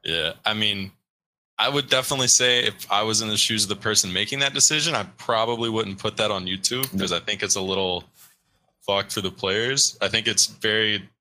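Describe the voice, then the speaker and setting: A man's voice: on the low side, brisk, sharp tone, rough recording. A man co-hosting a casual talk show, giving thoughtful opinions hedged with lots of likes.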